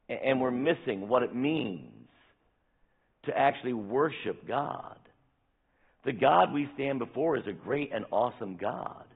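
A pastor in his sixties preaching a sermon, earnest and emphatic, slowing down when he reads scripture. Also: medium pitch, creaky, husky. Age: 60s. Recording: tinny phone-like sound.

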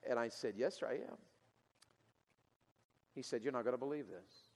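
Male preacher, mid-pitched, earnest sermon delivery swinging from loud peaks to hushed lines, recorded with long hall reverb. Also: normal speed. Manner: earnest, building to loud emotional peaks then dropping quiet. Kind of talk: sermon storytelling.

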